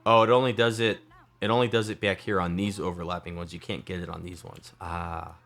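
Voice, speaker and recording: A man's voice: sits low, little pitch movement, a little fast, a bit bright. A man in his thirties thinking aloud as he builds in a game, casual and chatty. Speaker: let's play host. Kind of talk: casual gameplay commentary.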